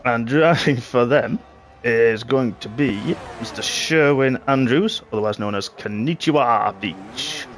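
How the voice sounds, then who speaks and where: A man's voice: mid-range voice, a little slow. A man hosting a racing league stream, announcing drivers for each team with teasing jokes. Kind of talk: live-stream banter.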